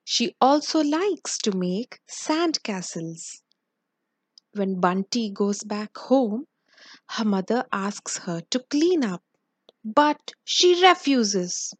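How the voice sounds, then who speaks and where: Woman reading a kids story real slow, kinda breathy, dry close sound. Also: mid-range voice, dry recording. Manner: slow, expressive read-aloud.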